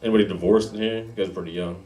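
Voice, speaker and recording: A man in his thirties doing a stand-up comedy set in a club, with a laid-back, slangy delivery and deadpan dark jokes. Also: on the low side, very fast. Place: comedy club with a live audience. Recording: heavy noise behind a live club set.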